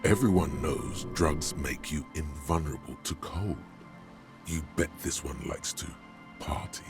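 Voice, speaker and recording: An actor playing a grave male narrator voice inside a game, speaking slowly with a very deep tone. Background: game music.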